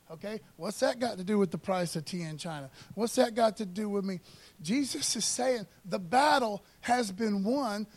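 A man preaching with fervor, his voice sitting noticeably high. He keeps the tone casual and punchy, tossing in "man" and calls for an amen between lines. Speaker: pastor. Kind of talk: sermon.

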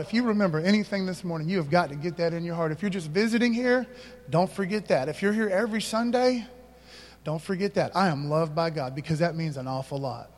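A man's voice: high-pitched, a little fast, big-room sound. A man pastor preaching a sermon, emphatic, calling out to the congregation for responses.

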